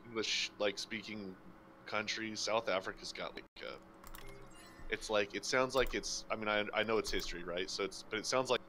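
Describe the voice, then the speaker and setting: A man's voice: fairly low pitch, fairly even intonation, normal speed, bright, forceful tone, soft background music. An American man in casual voice chat while gaming, joking and rambling with lots of fillers and restarts. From United States. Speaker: gamer in voice chat.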